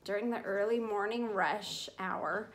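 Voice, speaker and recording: A woman's voice: mid-range voice, unhurried. Woman reading a chapter book aloud. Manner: clear, steady storytelling. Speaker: reader.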